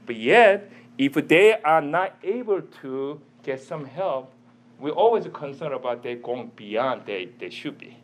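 A man teaching a church audience in a sermon style, animated, quizzing listeners, with broken, non-native-sounding phrasing. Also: on the high side, a little slow.

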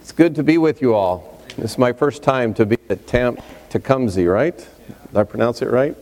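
A man from Texas introducing himself to a congregation as a visiting preacher, relaxed and chatty with many fillers and asides. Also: medium pitch, normal speed. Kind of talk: sermon introduction, casual and folksy. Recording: reverberant hall.

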